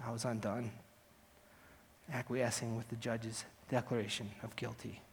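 A man preaching a dramatic first-person story, swinging from hushed to loud. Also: mid-range voice, little pitch movement, moderate pace, gravelly, in a large hall, very noisy.

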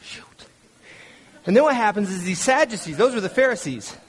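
Husky, higher-voiced male pastor. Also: expressive, moderate pace. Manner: storytelling, acts out quoted voices, frequent restarts. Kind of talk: conversational sermon.

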